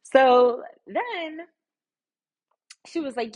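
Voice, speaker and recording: A woman's voice: low voice, expressive, normal speed. A young adult woman giving a casual, sassy recap of a reality show with exasperated asides. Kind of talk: casual commentary.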